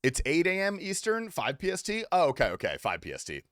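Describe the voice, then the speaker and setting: A young man on a gaming livestream, joking with chat in a loose, swear-laced way. His pitch jumps around expressively. The sound is dry and close to the mic. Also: huge pitch swings, a little fast, fairly bright tone, no echo. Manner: loose, profane, teasing banter with chat. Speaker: streamer. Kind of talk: casual gaming livestream commentary.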